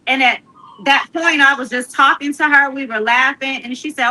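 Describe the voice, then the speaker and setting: A middle-aged woman from Missouri, telling a personal story in casual chat with earnest warmth. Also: high-pitched, steady tone, moderate pace, rough recording. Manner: earnest storytelling, quotes her grandmother with warmth. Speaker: guest.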